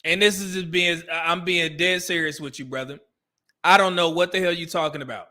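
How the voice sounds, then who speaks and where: A man's voice: on the high side, fairly even intonation, brisk, pushed and bright. A man hosting a livestream, reacting to a clip with blunt, exasperated commentary and calling viewers brother. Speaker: host reacting to a video.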